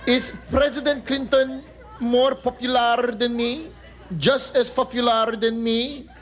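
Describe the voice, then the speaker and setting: A man's voice: extremely high pitch, little pitch movement, slow pace, fairly bright tone, pitched above the performer's own voice, heavily acted. A man impersonating a weepy, gushing lady. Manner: tearful, swooning, breathless gushing. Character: gushing, weepy middle-aged woman, a former first lady. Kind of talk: live stand-up impression. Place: live show stage.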